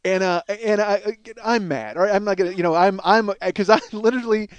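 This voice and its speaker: A man with a strikingly high voice tells a comic road-rage tale as a podcast host. He rambles, swears constantly and laughs at his own bad behavior in a self-mocking way. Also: fairly quick, smooth, no room sound. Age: 40s. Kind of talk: comedic storytelling monologue.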